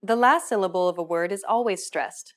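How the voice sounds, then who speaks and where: A woman reading a scripted pronunciation lesson in a clear, explanatory manner. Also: medium pitch, quick pace, fairly bright tone. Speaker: language teacher. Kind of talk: scripted instructional narration.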